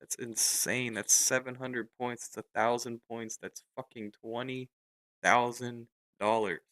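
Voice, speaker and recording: A young man commenting on his trading during a live stream, frustrated and swearing in drawn-out outbursts. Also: medium pitch, fairly even intonation, a bit bright, dry recording, rough recording. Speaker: livestreaming futures trader.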